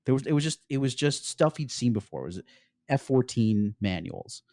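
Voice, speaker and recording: A middle-aged man from the United States, a podcast guest recounting his story in an animated way and often saying "like". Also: medium pitch, normal speed, no echo. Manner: animated storyteller, peppers speech with "like". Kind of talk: storytelling interview.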